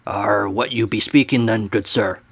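A man voicing a gruff, dim-witted pirate captain who talks in pirate slang. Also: on the low side, fairly even intonation, moderate pace. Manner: pirate talk, growling.

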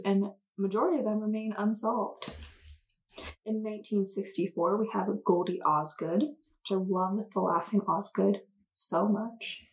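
A woman's voice: medium pitch, a little mellow, low-quality recording. A woman co-hosting a podcast, telling a true-crime story in a chatty, enthusiastic way. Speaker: podcast co-host. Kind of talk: casual chat.

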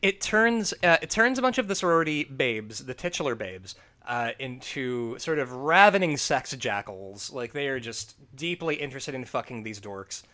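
A man hosting a casual movie review chat, talking in an animated, profane way and laughing often. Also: medium pitch, moderate pace. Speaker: podcast host.

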